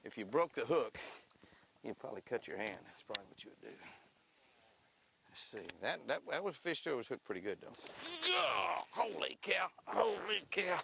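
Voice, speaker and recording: A man's voice: mid-range voice, brisk, vocal fry, pauses often, noisy background. An older man hosting a fishing show outdoors on a lake, talking in a folksy, chatty way. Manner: folksy, excitable, laughs and whoops when fish bite. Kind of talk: casual outdoor fishing demonstration.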